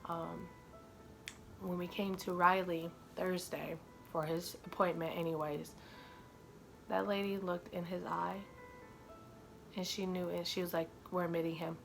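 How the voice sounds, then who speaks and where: A young woman with a slightly low voice talks straight to her viewers, halting and fighting back tears. Her speech is full of ums and likes, broken off and restarted. Faint music plays quietly under her voice. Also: little pitch movement, gravelly. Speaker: mother vlogger. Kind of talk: emotional personal vlog to viewers.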